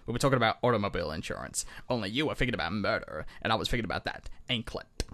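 Noir reading: a man doing a clipped, low detective through his teeth, soft and restrained. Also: expressive, racing. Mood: wry. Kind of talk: film noir line reading.

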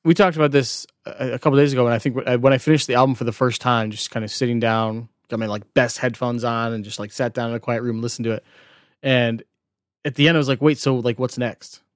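Male podcast co-host, mid-pitched, casual and chatty, dry close sound. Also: steady tone, fast talker, clear, resonant tone, no room sound. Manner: chatty, lots of "like" fillers. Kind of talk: casual chat about an album.

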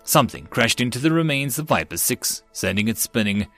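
Male audiobook narrator, steady even read, mid-pitched, faint music under him. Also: a little fast, no echo.

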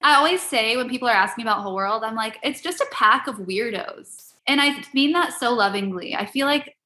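Upbeat woman improviser, bright voice, echoey room mic. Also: a little high, animated, a little fast. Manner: upbeat, laughs often, warm about her group. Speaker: improv theater member, guest. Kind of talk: casual interview.

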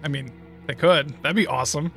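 Hesitant, wisecracking male guest, slightly high voice, soft music in the background. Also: creaky. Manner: halting, joking. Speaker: guest guessing cards. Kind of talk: casual live-stream chat.

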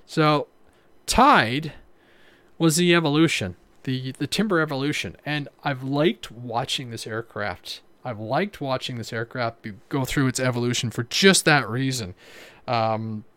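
A man's voice: mid-range voice, measured pace, fairly bright tone, no room sound. A man hosting a casual livestream, rambling, with many fillers and restarts. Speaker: livestream host.

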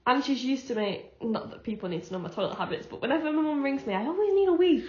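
A young woman, talking casually as a podcast co-host and putting on little voices for the people in her stories. Her voice sits a bit high. The recording is roomy and a little dull. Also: lively intonation, fast. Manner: chatty storyteller, acts out the dialogue in her anecdotes, laughs often. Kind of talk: casual chat. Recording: echoey room, dull lo-fi sound.

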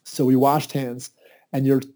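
A man telling a lively personal story in casual conversation, his voice jumping up excitedly when he quotes people. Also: a little slow. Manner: lively anecdotes with high-pitched, excited quoted asides.

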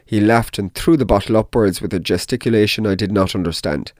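A man narrating a dark tale in the first person, in a measured, deliberate audiobook reading. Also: lowish voice, no echo, studio quality.

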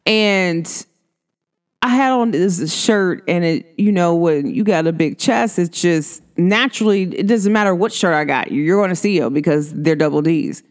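A young adult woman in a casual self-help monologue, animated, laughing often and asking rhetorical questions. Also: on the low side, measured pace. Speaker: vlogger.

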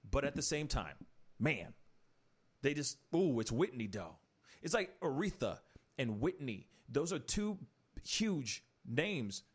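A man hosting a casual commentary show, animated and opinionated, rambling through entertainment news. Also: mid-range voice, slow, breathy edge. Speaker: talk show host.

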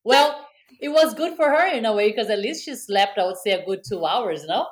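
A woman co-hosting a podcast in casual chat, reacting to the story and cutting in with quick remarks. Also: medium pitch, animated. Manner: reactive, quick to laugh and interject. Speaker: podcast co-host.

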